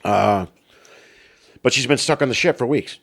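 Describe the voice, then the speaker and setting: A man co-hosting a comedy podcast, telling animated stories with swearing and frequent laughter. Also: medium pitch, moderate pace, vocal fry. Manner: animated storytelling, profane, laughs often. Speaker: podcast co-host. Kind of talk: casual comedic chat.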